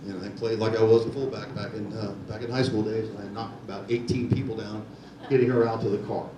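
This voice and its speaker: A man's voice: on the low side, steady tone, fast talker. An older man, a former Secret Service agent, telling chatty stories to a meeting and laughing through them. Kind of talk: anecdotal talk to a meeting. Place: meeting room. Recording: echoey room, distant mic, noisy.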